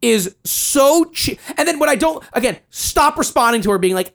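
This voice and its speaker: A woman's voice: sits high, lively intonation, moderate pace. A woman co-hosting a casual podcast chat, ranting heatedly and swearing a lot. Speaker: podcast co-host.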